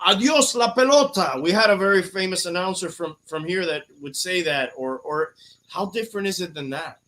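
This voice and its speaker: Talk like a man hosting a casual podcast: loose, profane, bright and a bit high-pitched. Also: a little fast. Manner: loose, profane banter with many fillers. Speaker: podcast host.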